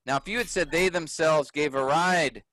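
A man's voice: fairly high pitch, moderate pace, fairly bright tone, no echo, rough recording. A man teaching a class, explaining grammar patiently and often checking whether his students follow.

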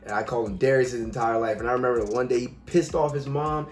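Relaxed podcast host man, echoey room. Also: mid-range voice, fast. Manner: relaxed, reflective, swears casually. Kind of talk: casual chat.

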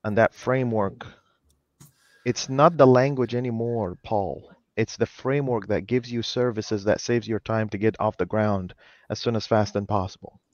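A man's voice: fairly low pitch, steady tone, normal speed, darkish tone, no room sound, dull audio. A man hosting a casual video call, talking enthusiastically in bursts with lots of "you know" fillers. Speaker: host.

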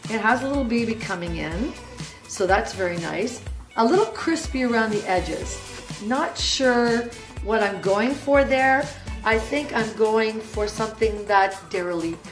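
Enthusiastic middle-aged woman touring her plants. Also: mid-range voice. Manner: enthusiastic, rambling, unsure of plant names. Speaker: mother giving a houseplant tour. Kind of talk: casual home video tour. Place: home room with plants. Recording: roomy home echo with music behind.

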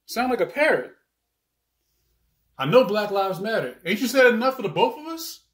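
A man's voice: sits high, very animated, normal speed, a bit bright, roomy sound. A man acting a monologue in casual slang, bargaining with his aunt. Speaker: monologue actor. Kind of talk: theatrical monologue.

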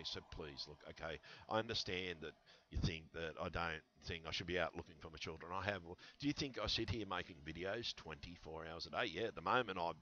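A man's voice: sits low, sharp tone, highs cut off. A man rambling through a vlog monologue, answering viewer comments in a conspiratorial way with lots of fillers and restarts, on a headset mic. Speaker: channel host.

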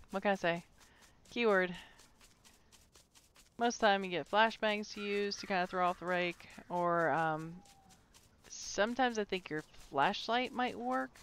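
A woman's voice: lowish voice, smooth. A woman streaming a horror game, commenting live and playfully taunting a monster, swearing freely.

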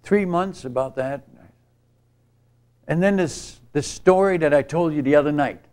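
A man's voice: on the high side, unhurried, a little mellow, clean tone. Older man telling a mission story. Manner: earnest, rambling storytelling with many restarts. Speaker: missionary speaker. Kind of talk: storytelling sermon at a church retreat. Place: church retreat camp gathering.

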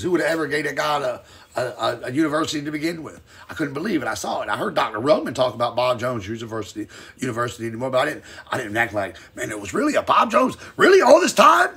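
Husky and creaky at a medium pitch, a man preaches passionately during a live-streamed Bible teaching. He swings between loud and soft delivery and reads from scripture in a slow, measured way.

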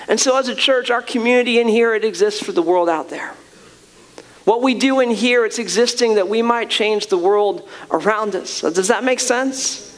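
A man with a strikingly high voice preaches to his congregation. He is earnest and emphatic, circling back and restarting phrases as he drives each point home. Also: normal speed. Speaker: pastor. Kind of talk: sermon.

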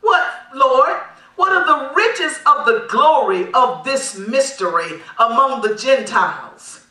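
A woman pastor with a high-pitched, sharp voice preaches slowly and with lively intonation, calling for responses from the congregation and laughing between points. Her emphatic call-and-response sermon is recorded in an echoey hall with the mic at a distance.

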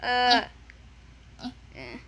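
A woman gamer chatting casually while playing, excitable and giggly, often squealing. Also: fairly high pitch, very slow, a little hiss or hum. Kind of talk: casual gameplay chat.

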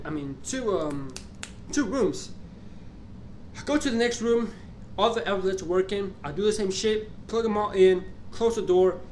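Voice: medium pitch, slight background noise. A young adult vlogger casually telling a story, swearing a lot, rambling and restarting, sounding exasperated. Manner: profane, rambling, exasperated retelling with frequent restarts. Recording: roomy echo, faint background ambience.

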